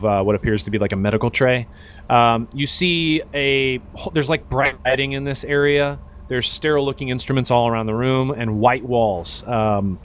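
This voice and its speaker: A man narrating as game master, relaxed and full of fillers. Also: medium pitch, a little hiss or hum.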